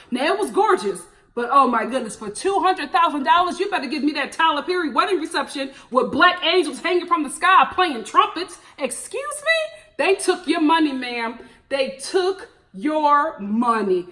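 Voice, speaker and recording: High, lively, sassy woman reviewer. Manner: sassy, blunt, teasing. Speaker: reality TV reviewer. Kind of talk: casual commentary.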